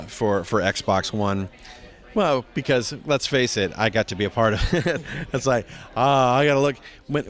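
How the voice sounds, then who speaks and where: A middle-aged man tells stories in a relaxed convention interview. He keeps a middle-pitched voice and jumps much higher whenever he acts out what someone said. His telling stays lively and chatty. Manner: animated storyteller, acts out quotes with big pitch jumps. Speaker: voice actor guest.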